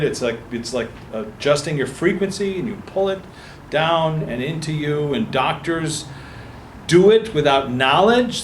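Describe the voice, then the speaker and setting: A man's voice: on the high side, slight background noise. A man telling a personal story to an audience at a book talk, acting out the voices of the people in it. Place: meeting room before an audience. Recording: echoey room with faint ambience.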